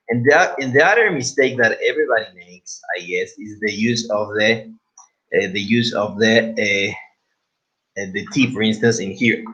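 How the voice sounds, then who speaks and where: An English pronunciation teacher with a Spanish accent instructs a live class, speaking haltingly with repeated words and plenty of fillers. His voice is fairly low and a bit bright. The recording sounds dull and lo-fi.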